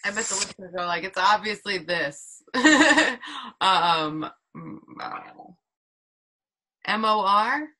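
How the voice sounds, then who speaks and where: A young woman hosting a casual podcast chat, playful and quick to laugh. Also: medium pitch, expressive, bright, forceful tone. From North Carolina. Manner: giggly, playful. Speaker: podcast host.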